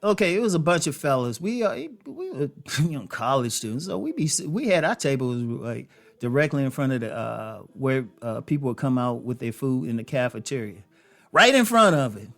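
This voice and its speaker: A man's voice: mid-range voice, big pitch swings, moderate pace, creaky. A man hosting a dating advice show, speaking to women in a loose storytelling way, with many fillers. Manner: conversational, storytelling, frequent fillers and laughs. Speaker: host. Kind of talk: casual advice monologue.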